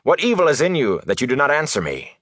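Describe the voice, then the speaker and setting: A man's voice: fairly high pitch, wildly swooping pitch, fast, a bit bright, no echo, studio quality, voice pushed up, exaggerated voice. A man voicing a haughty, cold young male zealot lord who questions and accuses. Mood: accusing. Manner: cold, demanding, suspicious.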